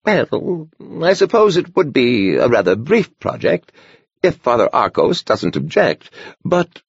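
A gentle old monk overseer with a lively, sing-song lift, patient and wryly teasing, as a narrator puts him on. The voice sits higher than a gruff elder, husky and gravelly at the edges. It is a dull, dry, lo-fi storybook recording. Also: male voice, unhurried, dry recording, heavily acted. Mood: hesitant. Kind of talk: audiobook character voice.

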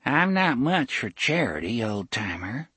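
A man voicing a rough, menacing young frontier thug with old-fashioned rustic speech. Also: mid-range voice, big pitch swings, a little slow, sharp tone, no room sound, heavily acted. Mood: sardonic.

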